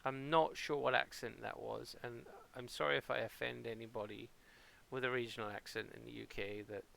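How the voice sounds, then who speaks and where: A man from Portsmouth, England, with a local English accent gives casual live-stream commentary while playing a game at home, rambling playfully and poking fun at himself. His mid-range voice is fairly bright with some vocal fry, delivered a little fast in a fairly even intonation.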